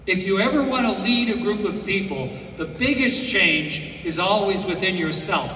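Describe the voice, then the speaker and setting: A man's voice: sits high, moderate pace, pushed and bright, a little hiss or hum. A man in his sixties giving a commencement speech to graduates, telling stories earnestly with frequent restarts. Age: 60s. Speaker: graduation speaker. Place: large hall. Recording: echoey hall from far off.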